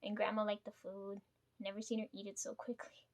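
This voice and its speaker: A woman's voice: mid-range voice, completely flat delivery, a little fast. A young adult woman telling a casual personal vlog story, rambling with many fillers and tag questions and swearing freely. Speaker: vlogger.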